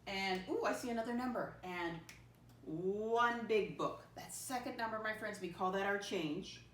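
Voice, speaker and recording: A woman teaching a math lesson to first graders, patient and slow, spelling words out letter by letter and addressing the children as friends. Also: medium pitch, fairly bright tone, slight background noise. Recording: echoey room, voice from a distance.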